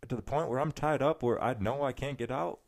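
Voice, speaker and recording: A man's voice: mid-range voice, brisk, creaky. A young man in casual, crude podcast chat who rambles and tells stories.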